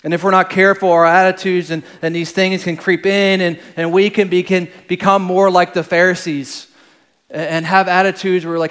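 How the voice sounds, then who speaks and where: A man preaching a sermon in an earnest, halting way, with frequent restarts and phrases that trail off quietly. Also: high-pitched, little pitch movement, smooth. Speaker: pastor.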